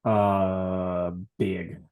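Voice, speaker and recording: A man's voice: sits low, level tone, very slow, narrow, tinny audio. A man co-hosting a podcast, telling stories animatedly, laughing a lot and swearing casually. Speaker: podcast co-host. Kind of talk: casual chat.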